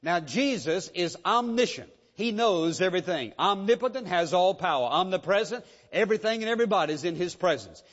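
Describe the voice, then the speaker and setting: A male pastor delivers a sermon in a fairly high voice, driving his points home with rhetorical questions and repetition. The sound is muffled and lo-fi. His words ring out with a long echo through a large hall. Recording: dull lo-fi sound in a reverberant hall.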